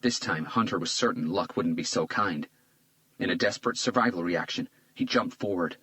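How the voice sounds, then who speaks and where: Deep-voiced male thriller narrator. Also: normal speed, a bit bright, dry recording, rough recording. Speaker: audiobook narrator.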